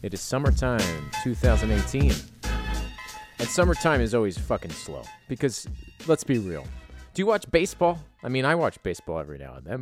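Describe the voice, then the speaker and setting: A man's voice: lowish voice, no echo, clean studio sound. A man hosting his own podcast from his basement, talking alone in a joking, profane, rambling way. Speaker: podcast host. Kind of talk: casual solo podcast monologue. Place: home basement.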